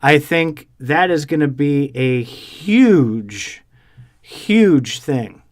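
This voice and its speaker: A man co-hosting a podcast talks in a lively, storytelling way, swearing as he goes. His voice sits a bit high for a man. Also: drawn-out words. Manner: animated storyteller, swears freely. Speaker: podcast co-host. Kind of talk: casual chat.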